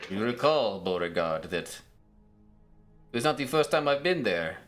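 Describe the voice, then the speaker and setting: A man's voice: medium pitch, sing-song, normal speed, fairly bright tone, soft background music. A man plays a solemn Egyptian-accented treasure hunter in a tabletop game, spinning ominous tales with a dire, dramatic delivery. His voice rises and falls freely as he leans into the legend. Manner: dire, storytelling, theatrical. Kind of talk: tabletop role-play character voice.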